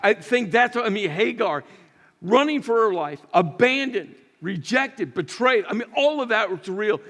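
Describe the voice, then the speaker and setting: A man preaching a sermon as pastor, swinging between loud emotional rises and quiet drops. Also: high voice, lively intonation, normal speed. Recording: long church reverb.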